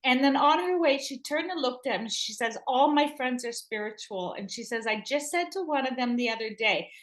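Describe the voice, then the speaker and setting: A middle-aged woman medium telling stories in a casual, animated way, acting out what people said. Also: high voice, moderate pace. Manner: animated, acts out dialogue in quotes. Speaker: spiritual medium. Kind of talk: conversational storytelling.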